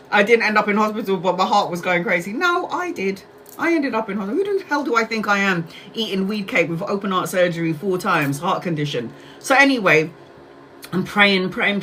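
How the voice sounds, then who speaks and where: A chatty woman in her forties hosts a casual tarot livestream, telling a story with frequent laughter and the odd swear word. Her voice sits at an average pitch for a woman, and she acts out what other people said. A faint noise hangs behind her. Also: animated, normal speed, sharp tone. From Brazil. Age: 40s. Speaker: tarot reader livestream host.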